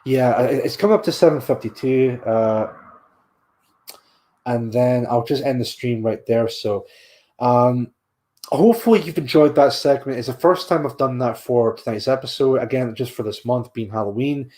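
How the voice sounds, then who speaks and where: A man's voice: mid-range voice, normal speed, mellow. A man hosting a podcast livestream, tired and yawning, rambling and repeating himself as he signs off. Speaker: podcast host. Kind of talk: casual livestream sign-off.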